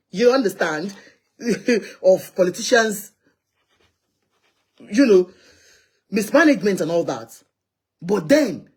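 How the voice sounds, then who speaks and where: A Nigerian woman with a Nigerian accent, hosting a live call-in show, talking in an animated, chatty way and ranting about public affairs from inside a car. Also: medium pitch, breathy edge. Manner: animated, chatty, rants and pleads. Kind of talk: opinionated live social commentary.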